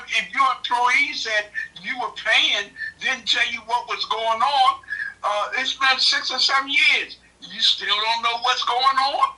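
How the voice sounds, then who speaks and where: Brief: male radio guest, high-pitched and forceful, on a distant call-in line. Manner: forceful, indignant, speaks bluntly. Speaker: regular guest doctor. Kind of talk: casual talk radio.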